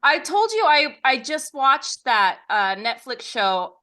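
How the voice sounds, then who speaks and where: Slow-talking giggly woman, bright voice. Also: high voice, very animated. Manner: giggly and easygoing, teasing her co-host. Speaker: podcast co-host. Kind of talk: casual chat.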